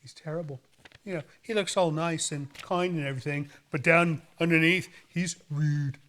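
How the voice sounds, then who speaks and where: High, bright-voiced goofy horror host man. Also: steady tone, moderate pace, a little hiss or hum. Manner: goofy, rambling jokes and playful banter. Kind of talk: playful, campy hosting chat.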